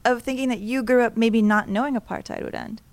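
A woman's voice: on the high side, steady tone, fairly quick, a little mellow, dry recording. A woman hosting a podcast, asking questions conversationally and reading a friendly sign-off. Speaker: podcast host. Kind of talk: podcast interview and outro.

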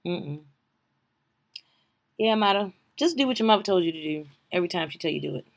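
A woman hosting a podcast, giving a casual comedic recap, animated and profane, swinging from loud exclamations to hushed asides. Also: lowish voice, a little fast, vocal fry. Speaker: podcast host recapping a reality show.

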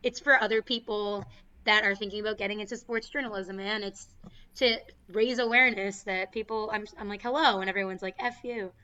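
A woman sports journalist in casual panel chat, animated, sarcastic and quick to laugh. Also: mid-range voice, clean tone, dull audio.

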